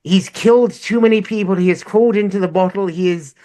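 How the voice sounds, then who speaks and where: A man on a convention panel, summarizing things in a brisk, matter-of-fact way. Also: sits high, dark tone.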